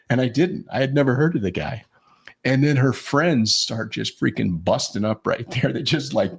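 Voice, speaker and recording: A man with a low, gravelly voice and a husky edge. He talks through casual stories in a loose, rambling way, full of fillers and restarts. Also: lively intonation, moderate pace. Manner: rambling storyteller with many fillers. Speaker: podcast co-host. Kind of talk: casual chat.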